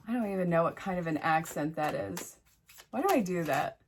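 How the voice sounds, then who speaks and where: A woman with a fairly low voice reads tarot cards for an unseen viewer. She speaks directly to "you" in an encouraging, frank way and breaks off into chatty asides to spirit. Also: very animated, moderate pace, background noise. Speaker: tarot reader. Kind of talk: solo tarot reading to camera.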